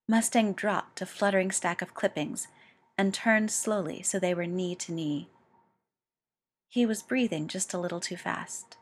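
A woman reading a story aloud, slowly and with feeling. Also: fairly low pitch. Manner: slow and expressive. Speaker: reader.

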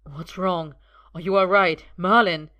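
A woman's voice: low-pitched, level tone, moderate pace, highs cut off, close to an everyday voice. A woman voicing a fussy, protective young man. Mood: concerned. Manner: concerned, grim and a touch lofty. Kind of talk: audiobook reading.

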